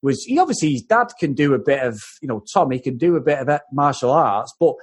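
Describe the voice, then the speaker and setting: Animated husky podcast man. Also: mid-range voice, a little fast. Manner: animated, mocking, swears often. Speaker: podcast co-host. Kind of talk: casual film review chat.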